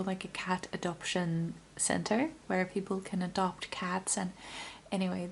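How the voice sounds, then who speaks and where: Soft-spoken woman with a gravelly voice. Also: fairly low pitch, a little hiss or hum. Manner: soft, often half-whispered, rambling with many fillers. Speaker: tarot card reader. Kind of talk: intuitive pick-a-card reading.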